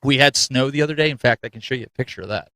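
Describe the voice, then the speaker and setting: Animated, self-mocking male show host. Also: mid-range voice, rapid-fire, no room sound. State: getting a cold. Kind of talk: casual live-stream chat.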